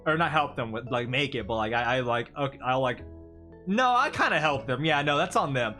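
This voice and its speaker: A man's voice: medium pitch, expressive, a little fast, sharp tone, faint music behind. A young man streaming, venting about his job in a rambling, exasperated way with lots of fillers. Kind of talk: casual live-stream venting.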